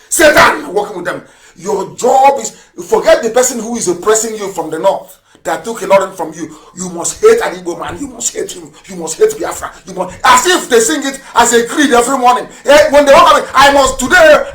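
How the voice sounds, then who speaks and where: Fiery man on live radio. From Nigeria. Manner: fiery, mocking, rapid rhetorical questions; swings between loud outbursts and low mutters. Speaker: broadcaster.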